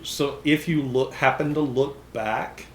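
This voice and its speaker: Relaxed man running a tabletop game. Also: mid-range voice, unhurried, a little hiss or hum. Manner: relaxed, with frequent ums. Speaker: game master. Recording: roomy echo.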